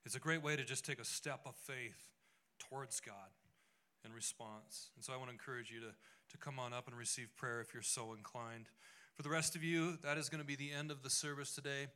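A pastor wraps up the service with friendly, encouraging announcements. His voice is bright and forward, with the odd filler between thoughts. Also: mid-range voice, fairly even intonation, brisk. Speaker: pastor giving closing announcements.

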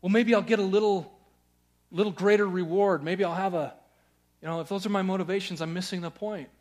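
Preacher guy giving a sermon, kinda high voice, gets loud then goes quiet and searching. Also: fairly even intonation, fairly quick. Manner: earnest, swings from loud urging to hushed questioning. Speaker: pastor.

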